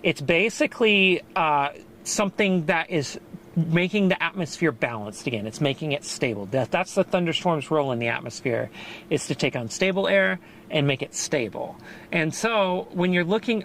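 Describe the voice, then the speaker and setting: A man live-streaming a storm chase, out of breath, explaining weather in an excited, rambling way with quick laughs. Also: a little high, a little hiss or hum. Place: in and around a car outdoors during a storm.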